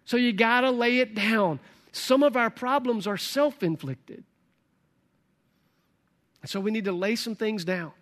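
A man's voice: sits high, a little slow, pauses often, fairly bright tone. A man preaching a sermon as pastor, conversational, with folksy asides to the congregation.

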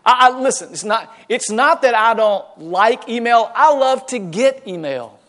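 Pastor, male, high-ish voice, lively folksy sermon delivery. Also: measured pace. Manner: animated preaching, folksy asides, acts out quoted voices.

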